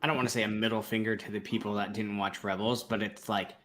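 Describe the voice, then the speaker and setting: A man's voice: lowish voice, flat delivery, fast, fairly bright tone. A young man co-hosting a casual fan podcast, talking in a laid-back, rambling way. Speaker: podcast co-host.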